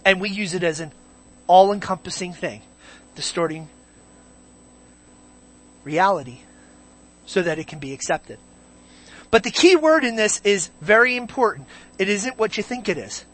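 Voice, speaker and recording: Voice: medium pitch, a bit bright. Give me an emphatic preacher in a sermon who stretches out key words and asks rhetorical questions. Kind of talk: sermon, verse-by-verse Bible teaching.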